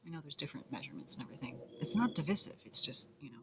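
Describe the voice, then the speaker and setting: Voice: mid-range voice, very animated, very fast, background noise. A comedian and musician in a rambling casual monologue, playful and self-mocking, often drifting into whispers.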